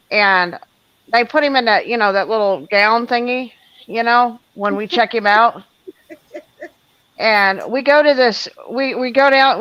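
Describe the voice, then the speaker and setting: A woman's voice: on the high side, no room sound, highs cut off. A woman telling a long, rambling story on a show, full of fillers and restarts. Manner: animated, many fillers and restarts.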